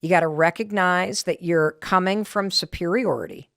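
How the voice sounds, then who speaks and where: A middle-aged woman podcast host telling a story in a casual, animated, self-deprecating way. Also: lowish voice, normal speed, gravelly, dry recording, studio quality. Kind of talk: casual talk to listeners.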